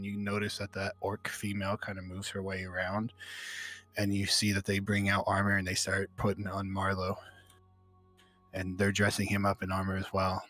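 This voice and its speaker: Brief: low-voiced male game master, relaxed scene-setting narration over faint background music. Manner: casual, descriptive, many fillers.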